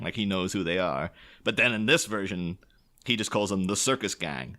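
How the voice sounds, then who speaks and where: Podcast co-host, man, lowish voice with a bright forceful edge, rambling, chuckly. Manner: rambling, laughs often, mimics characters. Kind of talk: casual film discussion.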